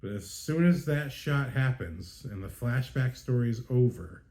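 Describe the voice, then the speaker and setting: A man with a dark, mellow voice ranting through a casual podcast film review. He sounds fed up and exasperated, tripping over restarts and fillers as he goes. His pitch sits in an ordinary middle range. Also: animated, measured pace. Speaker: podcast host. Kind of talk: casual spoken movie review.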